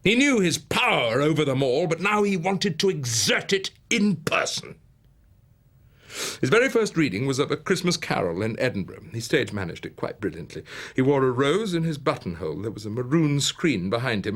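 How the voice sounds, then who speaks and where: A man's voice: medium pitch, very animated, normal speed, fairly bright tone. A man narrating a one-man theatrical story, swinging from dramatic whispers to rising exclamations. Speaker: narrator and performer.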